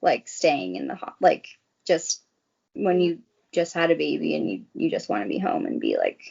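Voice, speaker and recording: A young woman talks in a chatty, rambling way, with many "like"s as she tells her story. Her voice sits a little low. The recording sounds slightly dull and lo-fi. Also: huge pitch swings, moderate pace, creaky, darkish tone, slightly rough. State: briefly tearful. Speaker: guest. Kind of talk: casual chat.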